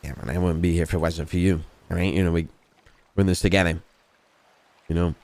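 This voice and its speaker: A man with a very low voice tells a long story in character, swearing freely and circling back with "you know what I mean." The sound is dry and close, with no room around it. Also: flat delivery, fast talker, darkish tone, no echo. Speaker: roleplay gamer. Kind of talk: in-character roleplay chat.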